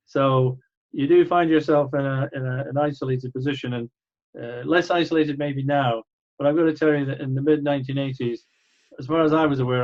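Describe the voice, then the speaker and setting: A man's voice: mid-range voice, muffled recording. An older man with a mild Scottish accent, a doctor speaking as a guest in a conversational interview with dry, wry humor. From Scotland.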